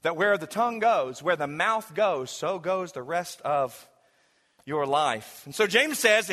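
A man's voice: a little high, lively intonation, unhurried, pushed and bright, long reverb tail. A man preaching a sermon to a congregation in a casual, joking way, then building to emphatic preaching. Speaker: pastor.

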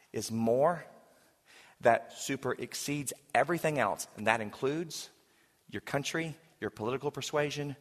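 A man's voice: medium pitch, long reverb tail. A man preaching a sermon to a congregation in a casual, joking way, then building to emphatic preaching. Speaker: pastor.

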